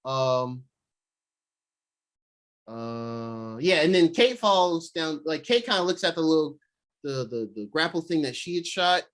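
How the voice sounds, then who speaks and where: Young man, podcast co-host, slightly high voice, casual rambling recap, slangy. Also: expressive, unhurried, pauses often, a bit bright. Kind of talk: casual chat.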